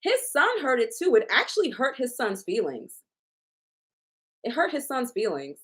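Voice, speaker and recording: A woman's voice: a little high, wildly swooping pitch, normal speed, a bit bright. A woman giving a casual tarot reading, talking emphatically with lots of repetition and profanity. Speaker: tarot reader.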